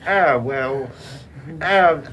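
A man hosting a playful home show, speaking haltingly with many restarts. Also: medium pitch, distant mic, dull audio, a little hiss or hum. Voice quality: hesitant, halting. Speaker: show host.

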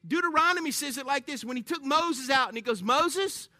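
A man with a very high, sharp, bright voice preaches a lively sermon to a congregation in a church. He jokes and calls out to the crowd in an energetic call-and-response. The sound is dry and close. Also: quick pace, no echo.

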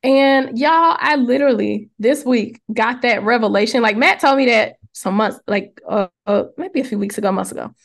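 Lively young woman telling a story. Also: fairly high pitch, moderate pace, few pauses. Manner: lively storytelling, animated quoted voices. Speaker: podcast co-host. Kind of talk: casual faith podcast chat.

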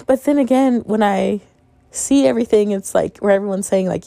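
A woman's voice: mid-range voice, moderate pace, creaky, mellow, no echo. A young woman in her twenties hosting a solo podcast, telling her own stories in a frank, exasperated way and often breaking into laughter. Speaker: podcast host. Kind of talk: casual monologue.

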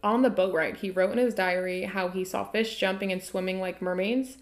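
A woman's voice: mid-range voice, fairly even intonation, moderate pace. A woman podcast host from the United States, telling a story in a casual, irreverent way with offhand swearing.

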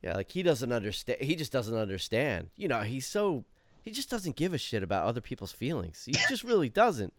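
Animated man, dry close sound. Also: mid-range voice, fairly quick, no echo. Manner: questioning, opinionated, swears casually. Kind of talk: casual chat discussing a TV episode.

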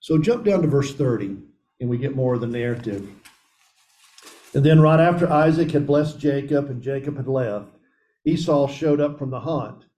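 A man's voice: medium pitch, normal speed, dark tone, low-quality recording. A man leading a men's Bible study, reading scripture aloud and commenting earnestly, calling his listeners guys.

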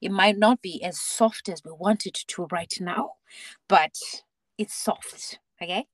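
Lower-voiced woman telling stories. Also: normal speed, no echo. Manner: animated storytelling with many restarts and laughs. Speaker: podcast guest, mother and theatre actor. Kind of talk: casual interview chat.

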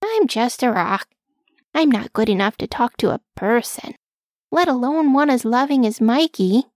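A woman voicing a timid, insecure little pet rock that speaks in a shaky, halting way in a storybook reading. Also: fairly high pitch, lively intonation, no echo, studio quality, natural voice. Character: timid shy pet rock, small and unsure.

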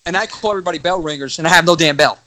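A man's voice: fairly high pitch, rapid-fire, pushed and bright. A man with a thick New York accent hosting a podcast interview, talking emphatically like a hype promo. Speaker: podcast host.

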